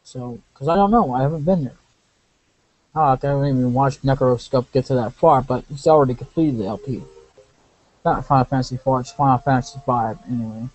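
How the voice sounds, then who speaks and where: A man's voice: medium pitch, darkish tone, poor audio. Rambling man commentating a game. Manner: rambling, self-correcting, off-topic asides. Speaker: let's play commentator. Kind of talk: casual gameplay commentary.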